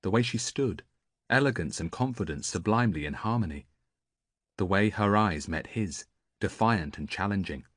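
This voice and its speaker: A man reading a novel aloud as an audiobook narrator, steady and measured. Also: lowish voice, dry recording, clean studio sound. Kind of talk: scripted narration.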